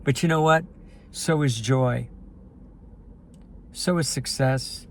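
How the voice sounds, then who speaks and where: A man's voice: mid-range voice, slow pace, slight background noise. Candid, emotional man telling his story. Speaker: life coach and filmmaker sharing his story. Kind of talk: personal video talk to camera.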